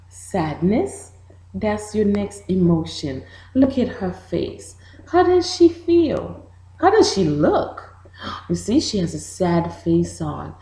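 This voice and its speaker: A woman with a Haitian accent reading a picture book to young children, explaining each word slowly and patiently in two languages. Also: on the low side, warm tone, roomy sound.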